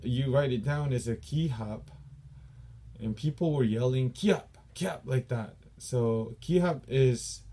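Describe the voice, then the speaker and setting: With a mellow mid-range voice and a Korean accent, this taekwondo teacher goes over Korean training vocabulary for his class. Every term gets a slow, patient repetition.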